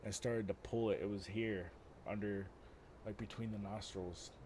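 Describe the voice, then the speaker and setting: A man's voice: lowish voice, moderate pace, slight background noise. A man streaming a game, casually chatting and swearing as he tells a long story. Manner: swearing, storytelling, animated retelling. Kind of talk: casual gaming stream chat.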